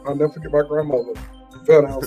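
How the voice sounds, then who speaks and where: A man's voice: a little high, steady tone, quick pace, dull audio, over music. A man co-hosting a morning show, telling stories casually and chuckling along. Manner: storytelling, chuckling.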